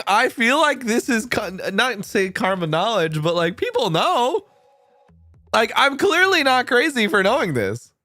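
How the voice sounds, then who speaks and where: A man's voice: very high voice, pushed and bright, dry recording. A young man streaming casual chat, rambling and swearing a lot, laughing often.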